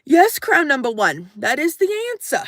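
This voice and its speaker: A woman telling a story to her live audience in a casual, animated way, swearing and acting out the voices in it. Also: high-pitched, moderate pace, dry recording, studio quality.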